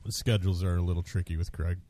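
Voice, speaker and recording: A man's voice: sits low, fairly even intonation, quick pace, mellow. A man co-hosting a casual podcast chat, laughing often, swearing freely and reading listener posts aloud. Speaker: podcast co-host.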